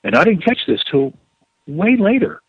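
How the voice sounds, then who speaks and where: A man, a guest author, telling a story in an interview with animated delivery, acting out quotes. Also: a little high, normal speed, gravelly, slightly rough, no echo, muffled recording.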